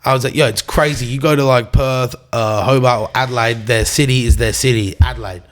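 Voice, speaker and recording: This is a young Australian man talking casually on a podcast. He spins a rowdy story and curses often. He slips into quick impressions of his friends along the way. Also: medium pitch, steady tone. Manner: swears a lot, acts out quotes. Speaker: guest.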